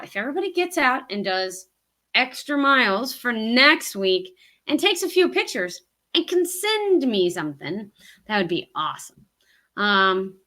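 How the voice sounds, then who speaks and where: Southern lady rambling on a hiking livestream, lots of ums, bright tone. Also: medium pitch. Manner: chatty, rambling, with frequent ums and laughs. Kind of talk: casual live-stream chat.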